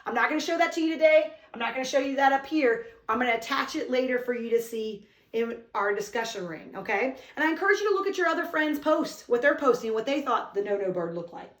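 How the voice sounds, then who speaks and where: Woman, teacher, young-child lesson, expressive reading, roomy echo, distant mic. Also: high-pitched. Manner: expressive, reads poem aloud slowly with emphasis.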